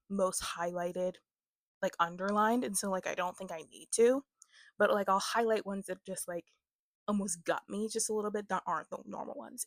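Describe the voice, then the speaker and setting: Young female book vlogger, casual and chatty, mid-pitched, dry close recording. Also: dry recording. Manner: chatty, leans on filler words, laughs often. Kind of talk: casual book review chat.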